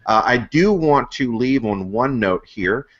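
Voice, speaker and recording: A man hosting a casual online astronomy hangout, talking with lots of "uh" fillers and upbeat shout-outs over a video call. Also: mid-range voice, animated, a little slow, lo-fi sound. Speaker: host.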